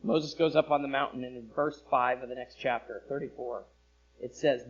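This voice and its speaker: A man preaching a sermon as pastor, with expressive delivery that rises for emphasis and drops low. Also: normal speed, slightly rough, dull audio. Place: church sanctuary.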